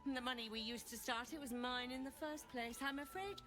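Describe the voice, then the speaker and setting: A woman's voice: high voice, a little fast, natural voice. An actress voicing a melodramatic dating-game woman who is walking out on her partner, with theatrical soap-opera delivery. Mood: dramatic. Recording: game audio with loud music. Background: game music.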